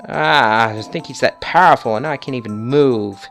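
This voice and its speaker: Old hag potion lady, a guy putting her on, talks like a 50s radio announcer, mid pitch. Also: normal speed, fairly bright tone, soft background music, lightly acted. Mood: complaining. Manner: old-time 1950s announcer delivery.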